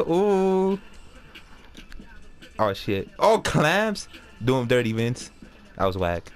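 A man giving casual, excitable commentary while playing a basketball video game, swearing and trash-talking. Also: mid-range voice, takes it slowly, pauses often, smooth, faint music behind. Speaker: gameplay commentator.

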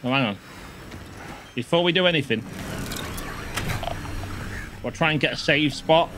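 A man's voice: on the high side, unhurried, background noise. A man livestreaming a game. He chats to viewers and swears and yelps when something jumps out. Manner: chatty, swears and yelps at sudden scares. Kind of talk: live gameplay commentary.

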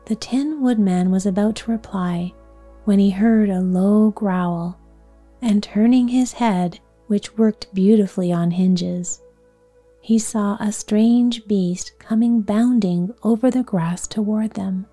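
A woman reading a bedtime story aloud in a soft, hushed, soothing whisper for sleep. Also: medium pitch, slow pace, faint music behind.

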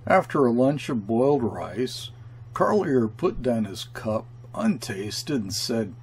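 Slow, gravelly male storyteller. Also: medium pitch, darkish tone, slight background noise. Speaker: audiobook narrator. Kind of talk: scripted narration of a classic story.

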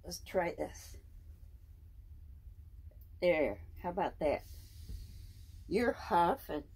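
A woman in her seventies at home, talking to her pet snake in a high, sing-song baby-talk voice and laughing often. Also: big pitch swings, extremely slow, darkish tone, slightly rough. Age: 70s. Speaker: snake owner. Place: indoors at home.

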